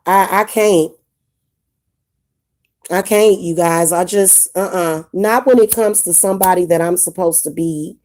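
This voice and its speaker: A woman vents to her channel in a blunt, indignant rant, circling back over the same points. Her voice is mellow and warm rather than bright, and it sits at an ordinary middle pitch. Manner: blunt, indignant, repeats herself. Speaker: spiritual advice vlogger. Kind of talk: casual ranting monologue to camera.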